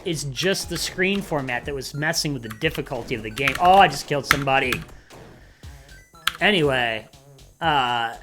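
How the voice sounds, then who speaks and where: A man's voice: a little high, bright, forceful tone, a little hiss or hum. A man streaming himself playing games live, chatting in a rambling, casual way and muttering to himself as he clicks around. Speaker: game streamer.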